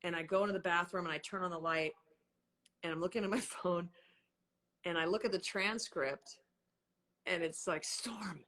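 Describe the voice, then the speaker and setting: Bright, animated woman in her fifties. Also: moderate pace, pauses often. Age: 50s. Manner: animated, swears freely, big swings in pitch. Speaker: host. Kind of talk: casual livestream chat.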